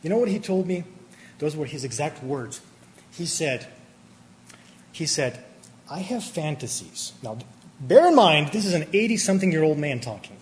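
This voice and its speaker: A man preaching a sermon, animated and emphatic, often restarting his words. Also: fairly high pitch, normal speed, pauses often. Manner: animated, rising to emphatic peaks, with many restarts. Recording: hall reverb with faint ambient noise.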